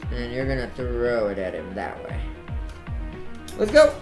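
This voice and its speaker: A chatty man talks through his gameplay as a streamer, reading game dialogue aloud and laughing between lines. The voice has a medium pitch. It echoes in a roomy space. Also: brisk, music in the background. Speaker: let's play streamer. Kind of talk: casual gameplay commentary. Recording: echoey room.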